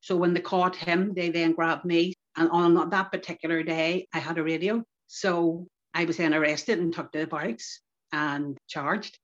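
With a fairly low voice and a moderate pace, an older woman from Northern Ireland recalls her past in a relaxed interview. As a community activist, she shares lively anecdotes in local idiom, though the podcast audio is dull and lo-fi.

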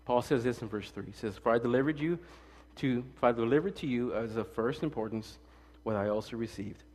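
Fast-talking joking pastor in a reverberant hall. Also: male voice, medium pitch. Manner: fast, casual and joking, swings between loud emphasis and quiet asides. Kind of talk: sermon.

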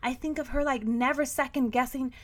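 A woman hosting a podcast, talking to the listener in an emphatic motivational pep talk that sometimes drops to a soft, guided tone. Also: high-pitched, steady tone, brisk. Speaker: podcast host. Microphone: podcast microphone.

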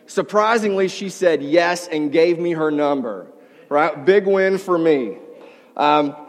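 A man's voice: a little high, lively intonation, slow. A middle-aged male pastor telling a humorous, self-deprecating story in a sermon to a live audience. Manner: self-deprecating, humorous, acts out quoted voices. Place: large hall before a live audience. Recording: long hall reverb.

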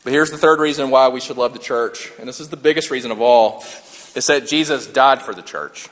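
A man's voice: medium pitch, fairly quick, a bit bright. A man preaching a sermon in a conversational way, repeating key lines for emphasis and joking along the way. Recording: long hall reverb.

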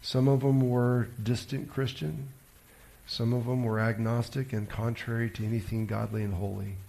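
A man's voice: mid-range voice, flat delivery, moderate pace, gravelly, warm tone. A male preacher telling a story in a sermon, with a dramatic, emphatic delivery.

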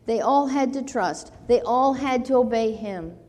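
Woman preacher, mellow and unhurried, in a church with long reverb. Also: a little high. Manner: slow earnest preaching, rising to pleading in quoted scripture. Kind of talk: sermon.

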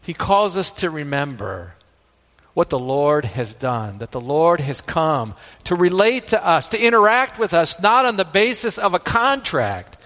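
A man's voice: a little high, very animated, a little slow, a bit bright, in a large hall. A man preaching a sermon as pastor. He often checks in with the congregation by asking "right?" and retells scripture at length.

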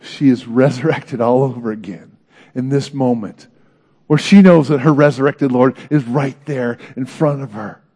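A man preaching a sermon in an earnest, dramatic way, swinging between loud emphasis and hushed moments. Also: medium pitch, normal speed, husky. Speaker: pastor.

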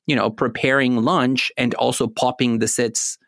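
A man co-hosting a casual scholarly discussion, explaining ideas in a measured way with touches of light humor. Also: medium pitch, steady tone, vocal fry, fairly bright tone, no echo, studio quality. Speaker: podcast co-host.

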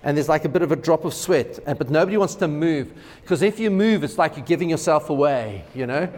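A man's voice: on the high side, animated, brisk, darkish tone, big-room sound. A pastor giving a conversational sermon, joking with and asking questions of his congregation in a church. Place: church sanctuary.

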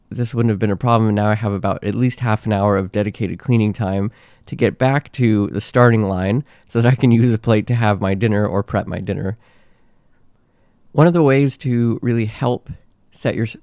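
A man's voice: fairly low pitch, darkish tone, no room sound, clean studio sound. A man hosting a solo podcast, talking in a reflective, conversational way while sick, with a nasal voice. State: sick, under the weather. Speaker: podcast host.

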